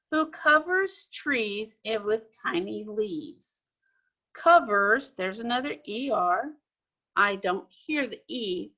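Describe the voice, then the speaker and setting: Patient teacher woman, slow and bright. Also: mid-range voice, muffled recording. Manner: patient, explaining step by step to children. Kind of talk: recorded classroom lesson.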